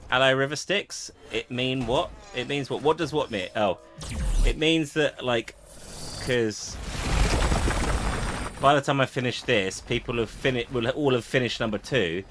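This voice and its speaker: A man's voice: mid-range voice, a little slow, noisy background. A man chatting casually with viewers while playing a game on a live stream, greeting people and muttering to himself.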